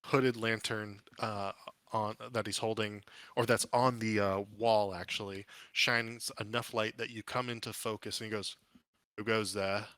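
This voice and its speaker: A man's voice: fairly low pitch, flat delivery, moderate pace, fairly bright tone, no echo. A man narrating as dungeon master, describing scenes with frequent fillers and restarts. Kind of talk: narrating a tabletop game.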